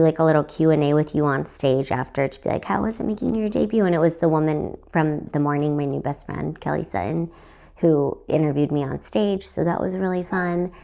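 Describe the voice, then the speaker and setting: A young woman telling a story in a casual, rambling way, her voice slightly raspy and hoarse, laughing often. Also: sits low, dark tone. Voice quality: slightly raspy, recovering from lost voice. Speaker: podcast host and stand-up comedian.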